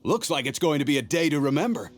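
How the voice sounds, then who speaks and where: Jovial male sailor, admiring, high and very swooping pitch, game dialogue with music. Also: very animated, quick pace, a little hiss or hum. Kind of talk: video game voice acting.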